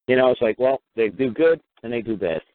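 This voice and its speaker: Fast-talking blunt man over a phone line. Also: medium pitch, animated, dry recording. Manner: blunt, profane, colloquial. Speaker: talk show host. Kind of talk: rambling call-in talk show monologue.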